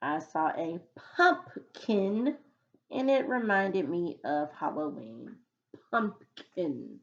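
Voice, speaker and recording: Woman teacher, unhurried dictation, muffled lo-fi recording. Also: on the low side, sing-song. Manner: slow, patient dictation with example sentences. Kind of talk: recorded phonics lesson.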